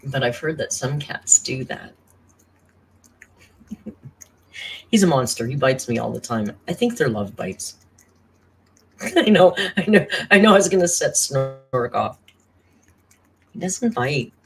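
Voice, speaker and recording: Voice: medium pitch, very animated, takes it slowly, long pauses, a little hiss or hum. Brief: worn-out, chatty live-stream host; casual chat, thanks viewers, reads messages aloud. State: tired, worn down by caregiving.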